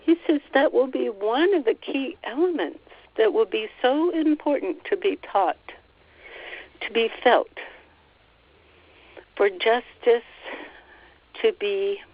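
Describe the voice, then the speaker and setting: Soft-spoken woman on a dull call line. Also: on the high side, expressive. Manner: slow, soothing, repeats phrases, relays quotes. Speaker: spiritual channeler relaying messages. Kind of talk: channeled spiritual teaching on a call. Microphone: phone line on a teleconference call. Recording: slightly dull teleconference audio.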